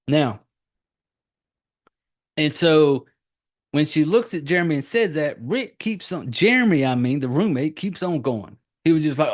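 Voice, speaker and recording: A man's voice: on the high side, expressive, measured pace, long pauses. A man in his forties, a podcast host, giving a rambling, profane casual recap of a movie.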